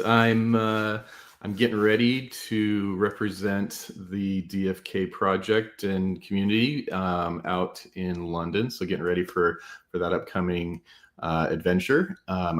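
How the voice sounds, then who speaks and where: A man speaking in a casual online chat as a project representative, joking and tossing in quick asides. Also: deep voice, steady tone.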